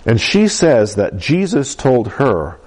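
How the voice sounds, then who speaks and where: Husky, mellow-voiced male teacher. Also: mid-range voice, big pitch swings, slow. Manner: conversational, with frequent fillers and asides. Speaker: Bible class teacher. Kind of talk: teaching with storytelling.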